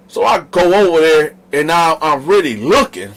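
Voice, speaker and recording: A man from the northern United States, the host, telling a story in a casual, animated, slangy way straight to his viewers. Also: fairly high pitch, moderate pace, few pauses, poor audio.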